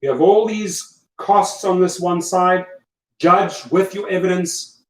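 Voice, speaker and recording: A man's voice: sits high, fairly even intonation, takes it slowly. A man with a South African accent hosting a casual livestream, coaching listeners in an emphatic, repetitive way. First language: German. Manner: coaching, emphatic, repeats himself. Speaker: livestream host. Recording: echoey room, far from mic, faint noise.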